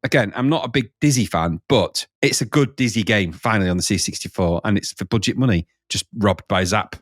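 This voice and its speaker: A man's voice: fairly low pitch, a little fast, no echo, studio quality. A man co-hosting a retro games talk show in a casual, jokey, rambling way. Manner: jokey, rambling, laughs at himself. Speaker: podcast co-host reviewing retro games. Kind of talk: casual chat.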